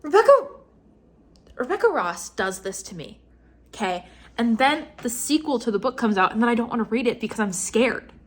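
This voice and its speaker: A young woman with a slightly high voice and lively intonation talks at a moderate pace. She's a book vlogger doing a casual rant, swearing for comic effect as she acts outraged.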